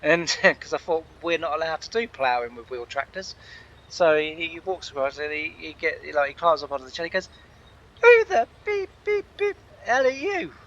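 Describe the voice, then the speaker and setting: A man's voice: a little high, fairly quick, sharp tone, lo-fi sound. A man telling a long casual story while playing a game, laughing often and acting out the people he quotes. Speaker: gaming channel host. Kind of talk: casual storytelling over gameplay.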